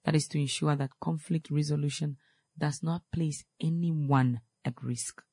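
A man's voice: fairly high pitch, fairly even intonation, unhurried, darkish tone, no echo. A man hosting an advice show, speaking earnestly about family conflict and repeating his key points for emphasis. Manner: quotes scripture, then explains it plainly. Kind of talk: advice talk.

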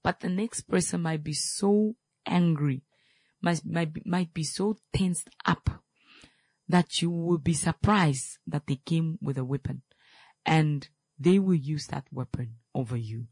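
Male talk host, gravelly, earnest and repetitive advice delivery, dry close sound. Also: on the high side, a little slow, darkish tone, dry recording. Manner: earnest and repetitive, stressing key points; quotes scripture, then explains it plainly.

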